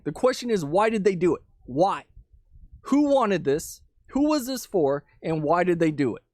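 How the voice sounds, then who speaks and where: A man's voice: sits high, animated, normal speed, darkish tone, dry recording, studio quality. A man hosting his own commentary channel, ranting with profane, sarcastic indignation into a mic with a pop filter. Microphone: studio mic with pop filter.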